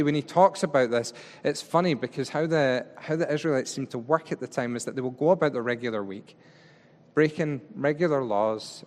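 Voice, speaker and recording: A man preaching a conversational sermon, chatty and informal, acting out paraphrased speech as he explains a text. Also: mid-range voice. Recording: long reverb of a large hall.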